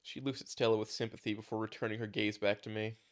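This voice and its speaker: Low-voiced man reading a story. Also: little pitch movement, quick pace, smooth. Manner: reads with small stumbles and restarts. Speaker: story narrator. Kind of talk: casual reading of a fan story.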